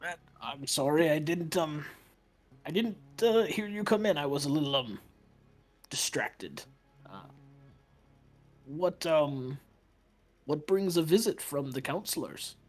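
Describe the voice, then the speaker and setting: A man's voice: on the high side, a little slow, pauses often, soft background music. A man voicing a nervous, evasive male priest who stammers over his words in a tabletop game.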